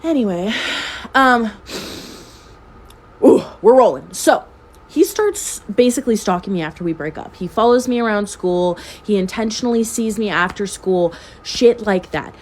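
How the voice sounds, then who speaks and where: A woman's voice: mid-range voice, lively intonation, normal speed. A very tired young woman at home telling a messy personal story in casual chat, swearing freely and laughing often. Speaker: storytime vlogger. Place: at home with her cat.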